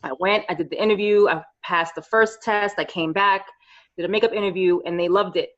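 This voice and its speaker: A woman in her thirties from New York, a podcast guest telling her career story in lively casual chat. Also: mid-range voice, a little fast. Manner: animated storyteller, acts out quoted voices. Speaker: podcast guest, makeup artist. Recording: slightly dull lo-fi audio.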